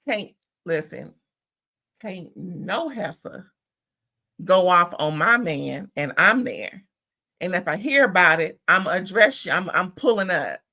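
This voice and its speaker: Sassy, bright-voiced woman recapping reality TV. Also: fairly low pitch, animated, a little slow. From California. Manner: sassy, opinionated, slangy. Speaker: reality TV reviewer. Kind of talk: casual recap commentary.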